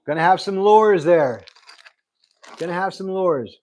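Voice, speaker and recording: A man's voice: sits high, a little slow, darkish tone, slight background noise. A middle-aged man hosting a casual livestream, reading viewer comments aloud and thanking them over and over. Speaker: livestream host. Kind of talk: casual live chat. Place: Arizona.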